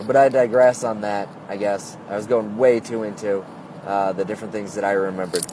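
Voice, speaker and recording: A man's voice: fairly low pitch, fairly even intonation, fairly quick, dark tone, a little hiss or hum. A man telling a story in a casual, rambling monologue, full of "like" and "uh", recorded on a phone. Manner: rambling, heavy use of "like" and "uh".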